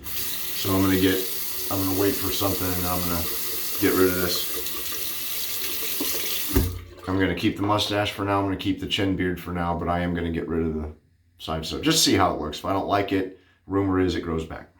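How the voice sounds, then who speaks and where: Deep-voiced man rambling in an echoey room. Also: flat delivery, fairly quick, long pauses, noisy background. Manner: rambling, chatty, many fillers. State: out of breath. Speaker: wet shaving vlogger. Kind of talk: casual shaving vlog.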